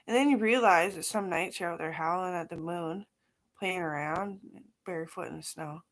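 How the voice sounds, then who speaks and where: Rambling, profane woman with a low voice. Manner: profane, scattered, talks in run-on asides. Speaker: vlogger. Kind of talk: rambling casual monologue.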